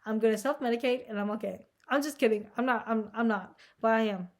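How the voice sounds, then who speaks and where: Young adult woman, slightly high voice, casual anxious vlog ramble, heavy filler and profanity. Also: fast talker. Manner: anxious, self-deprecating. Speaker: vlogger.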